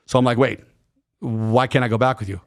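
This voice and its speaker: Gravelly man telling a story, slangy and profane. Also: medium pitch, brisk. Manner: animated, profane, slangy retelling with acted-out quotes. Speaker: podcast guest. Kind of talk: candid storytelling in a podcast interview.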